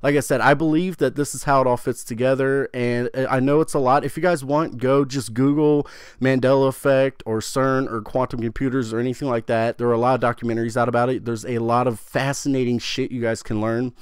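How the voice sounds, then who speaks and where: An excitable young man hosting a gaming channel, swearing freely and rambling as he chats through his theory. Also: medium pitch, fairly quick, clean tone, dry recording, clean studio sound. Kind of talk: casual video commentary on a game storyline.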